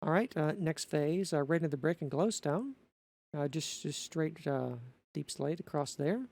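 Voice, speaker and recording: A man talking through a building tutorial in an unscripted voice-over, methodical and halting, often correcting himself. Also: on the high side, lively intonation, gravelly, darkish tone.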